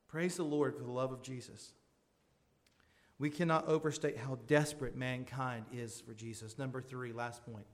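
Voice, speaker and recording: A male pastor preaching in a large church, his fairly high voice carried by a long hall reverb. He pleads with the congregation and builds to fervent, urgent calls. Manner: pleading, rising to fervent high-pitched appeals. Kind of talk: sermon. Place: church sanctuary.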